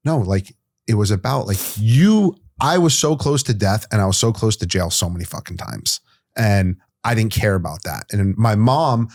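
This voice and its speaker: A man's voice: medium pitch, no room sound, studio quality. A young man hosting a podcast, talking candidly and loosely, with plenty of fillers and swearing. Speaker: podcast host. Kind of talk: casual podcast conversation.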